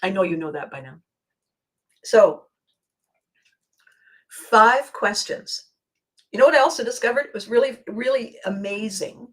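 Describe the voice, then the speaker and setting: A woman's voice: medium pitch, expressive. Older woman host, solo monologue, circles the point, earnest and emotional. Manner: rambling, emotional, with frequent laughs and pauses. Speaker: podcast host. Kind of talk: personal monologue.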